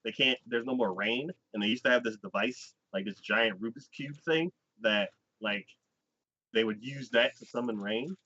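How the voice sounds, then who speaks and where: A man with a bright, forceful voice chats casually through an anime recap, rambling and restarting, filling gaps with "like". The sound is dry and close, but dull and lo-fi. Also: mid-range voice, dry recording. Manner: rambling, heavy use of "like", quick restarts. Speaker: anime podcast host. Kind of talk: casual chat recapping a show.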